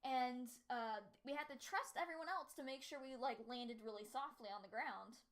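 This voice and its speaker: High-voiced young woman telling stories. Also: normal speed. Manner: animated storytelling with many "like" fillers, high-pitched quoted voices. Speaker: podcast co-host. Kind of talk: casual chat.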